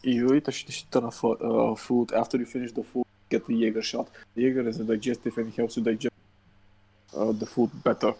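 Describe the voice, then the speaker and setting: A man's voice: mid-range voice, little pitch movement, fast talker, dark tone, husky. A young man co-hosting a podcast, telling stories bluntly with heavy swearing. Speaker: podcast co-host. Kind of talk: casual chat.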